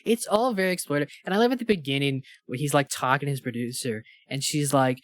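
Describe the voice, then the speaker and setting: A podcast co-host talks about a movie in a casual, sarcastic chat, mocking the characters in put-on voices. He speaks fast at a medium pitch, and there's no echo.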